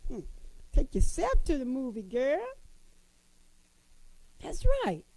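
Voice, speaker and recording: A woman in a casual motivational talk to women, folksy and lively, calling her listeners sisters. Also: high-pitched, slow, no room sound, rough recording.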